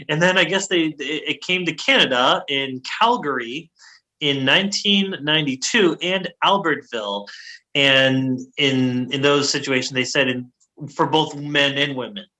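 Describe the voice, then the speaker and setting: A man's voice: medium pitch, normal speed, sharp tone, low-quality recording. A man co-hosting a casual sports history podcast, full of fillers and laughing at his own pronunciation. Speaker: podcast co-host.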